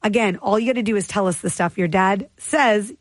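A woman's voice: mid-range voice, brisk, dry recording. A woman co-hosting a morning radio show, playfully reading listener texts in casual banter. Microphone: studio mic.

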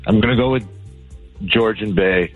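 A man calling in to a radio trivia contest, talking in a deep, hesitant way with many ums and uhs. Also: moderate pace, narrow, tinny audio, faint music behind. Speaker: caller and contest player. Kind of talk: casual chat on a radio call-in contest.

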